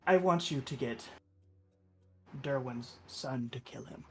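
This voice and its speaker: A man voicing a calm, manipulative haunting spirit who speaks quietly and deliberately. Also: medium pitch, husky, soft background music. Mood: scheming.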